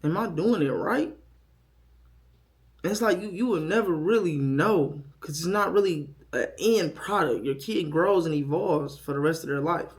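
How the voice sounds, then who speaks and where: This young man, a new dad, talks openly and with plenty of swearing to the camera, starting in quiet self-doubt and building to loud, lively storytelling. His pitch is fairly high, he speaks at a normal speed, and he barely pauses.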